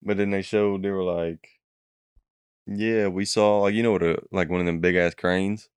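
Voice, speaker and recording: A young man with a low, smooth voice tells a rambling tale among friends, swearing constantly and slipping into quoted voices. The sound is dry and close. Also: moderate pace, dry recording. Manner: profane, animated storytelling with acted quotes. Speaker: storyteller recounting a dream. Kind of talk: casual chat.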